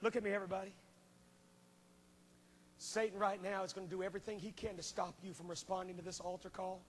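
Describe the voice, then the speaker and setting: A man preaching a revival sermon, swinging between impassioned shouting and hushed pleading. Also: sits high, flat delivery, fast talker, big-room sound, slight background noise. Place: large church auditorium.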